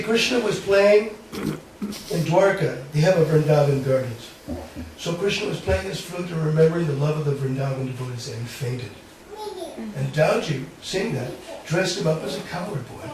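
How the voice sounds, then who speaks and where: A man, a swami, telling a devotional story in an animated, laughing way. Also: a little high. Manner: animated, laughing, acts out voices. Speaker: swami, spiritual teacher. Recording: very echoey hall, distant mic, faint hiss.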